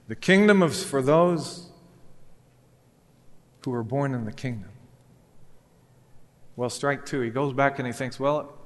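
A man's voice: mid-range voice, unhurried, pauses often. A male pastor preaching a sermon, telling a parable and voicing its characters as he goes. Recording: long reverb of a church hall.

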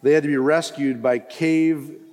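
A man's voice: on the high side, fairly even intonation, measured pace. Impassioned male preacher in reverberant hall. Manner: impassioned, rising to loud emphatic cries. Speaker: pastor. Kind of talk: sermon.

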